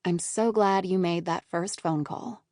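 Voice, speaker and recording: A woman reading a first-person romantic comedy audiobook in a measured, lively way, on a close studio microphone. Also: fairly low pitch, no echo. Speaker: audiobook narrator.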